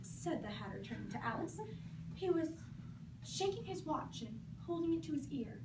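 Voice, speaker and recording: Animated teen girl storyteller in an echoey room. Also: on the high side, moderate pace, long pauses. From Georgia, USA. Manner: animated, expressive. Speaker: competition performer. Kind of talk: storybook narration. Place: school competition room. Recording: echoey room from far off, noisy.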